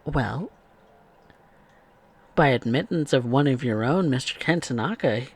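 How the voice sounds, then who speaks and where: A man doing a smug vampire gossip, gravelly. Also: medium pitch, expressive, unhurried.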